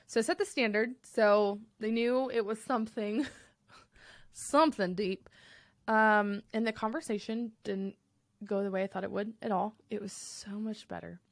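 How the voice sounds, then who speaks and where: A woman's voice: medium pitch, no echo, clean studio sound. Candid young woman hosting a solo podcast. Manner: candid, reflective, conversational with fillers and restarts. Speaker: podcast host.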